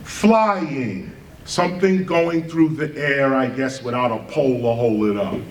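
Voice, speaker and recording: A man's voice: mid-range voice, measured pace, distant mic. A man giving a keynote lecture in a large hall, firing rhetorical questions and spelling words out letter by letter. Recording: echoey hall recorded from afar, faint noise.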